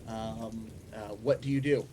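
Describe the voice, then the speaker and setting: A man narrating a tabletop game as game master, pausing often with ums and uhs. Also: on the low side, steady tone, warm tone, slight background noise.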